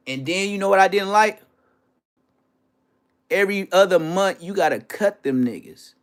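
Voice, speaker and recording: A man hosting a livestream, telling stories in a brash, profane way, dropping to hushed asides and then bursting out loudly. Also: on the high side. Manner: brash, profane, swings between hushed asides and loud outbursts; storytelling with boasts and street slang. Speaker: livestream host. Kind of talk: casual profane livestream rant.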